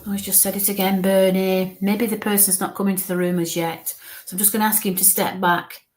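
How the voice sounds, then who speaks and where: Lady medium doing a live reading, mid pitch, keeps stopping to mutter "come on" quietly to herself. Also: fairly even intonation. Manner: halting, breaks off to coax spirits under her breath. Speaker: psychic medium. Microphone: live stream mic.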